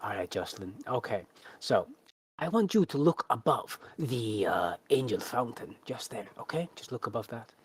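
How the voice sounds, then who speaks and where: A man's voice: medium pitch, expressive, normal speed, a little hiss or hum, natural voice. A man voicing a flamboyant male beast tamer in his mid-thirties who works the crowd with grand showman's patter. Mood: coaxing.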